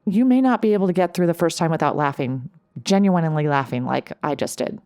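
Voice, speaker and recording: A middle-aged woman hosts her own coaching podcast and talks listeners through tips. Her voice sits a little low, and she keeps an upbeat tone, laughing easily and asking "right?" as she goes. The sound is close and dry, with no room around it. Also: expressive, brisk, hardly any pauses, darkish tone, clear, resonant tone, no echo. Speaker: life coach and podcast host. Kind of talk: solo podcast talk, coaching advice.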